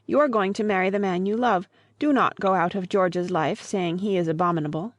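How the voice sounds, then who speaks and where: A woman's voice: medium pitch, a little fast, dry recording, close to an everyday voice. A woman reading the part of a grieving old father in an audiobook, earnest and pleading.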